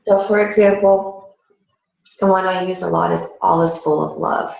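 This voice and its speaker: A woman teaching a yoga and meditation class, talking listeners through the steps calmly and gently. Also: lowish voice, vocal fry. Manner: calm, gentle guiding instructions with a slow pace. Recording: echoey, dull lo-fi room recording.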